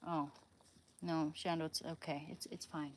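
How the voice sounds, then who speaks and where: Livestreamer, female, lowish voice, unhurried, soft coos and whispers to her pet, casual chat with viewers, noisy home recording. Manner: coos and whispers softly to her dog, then chats loosely with viewers. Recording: clear steady background noise.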